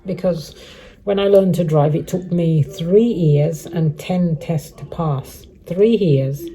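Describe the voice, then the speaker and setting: A fairly low, warm voice at a slow pace belongs to a middle-aged woman vlogging casually to viewers while living rough on the streets. She rambles, repeats herself and restarts many times.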